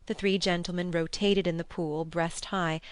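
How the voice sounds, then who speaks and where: A woman narrating a classic novel as an audiobook, with a measured, expressive reading on a close studio mic. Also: fairly low pitch, clean tone, no room sound. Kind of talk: scripted narration.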